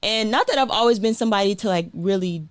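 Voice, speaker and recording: Woman in her twenties, guest sprinter, chatty and animated, mid-range voice, dry close sound. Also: mid-range voice, quick pace, no echo. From South Carolina, USA. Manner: chatty, animated, acts out quotes, frequent "like" and light laughs. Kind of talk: casual interview storytelling.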